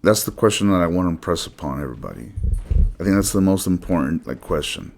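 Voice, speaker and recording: A man's voice: sits low, animated, quick pace, vocal fry. A man hosting his own channel, delivering a blunt, profane solo monologue. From United States. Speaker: channel host.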